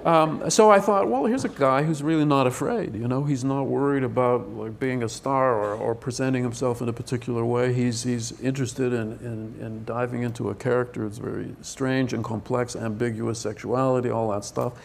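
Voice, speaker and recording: An older man with a gravelly, creaky voice talks through a press Q&A, starting over often as he hunts for words. Faint noise hums under the recording. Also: medium pitch, fairly even intonation, brisk, hardly any pauses. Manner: rambling, hesitant with many restarts. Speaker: film director. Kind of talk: press event Q&A.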